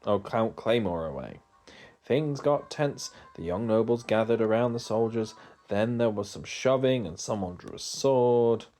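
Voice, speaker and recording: A man's voice: fairly low pitch, measured pace, mellow, faint music behind, natural voice. A man voicing a worried male townsman who reports trouble in a retro video game. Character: anxious male townsman bringing bad news.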